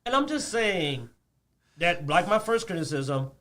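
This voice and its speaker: Animated high-voiced man ranting. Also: unhurried. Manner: animated, ranting, laughs often. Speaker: podcast co-host. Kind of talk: casual chat about games.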